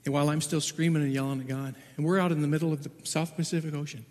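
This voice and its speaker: A man telling a personal testimony as a Bible translator, halting and repeating words, then growing urgent and loud at the tense parts. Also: a little high, fairly even intonation, in a large hall.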